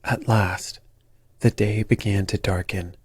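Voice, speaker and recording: A man reads a calm bedtime story in a slow, soothing way. His voice is deep and husky, recorded close in a dry, dead space. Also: no room sound. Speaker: sleep story narrator.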